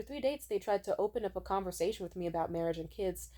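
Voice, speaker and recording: A young woman vlogger with a mellow, medium-pitched voice tells stories to camera at a quick clip. She's chatty and casual, swears freely, imitates people when quoting them, and fills her speech with "like" and restarts.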